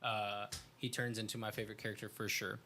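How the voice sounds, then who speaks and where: A man co-hosting a podcast, chatting about a book in a relaxed, conversational way. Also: lowish voice, fairly quick, a little hiss or hum. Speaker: podcast co-host. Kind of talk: casual book discussion.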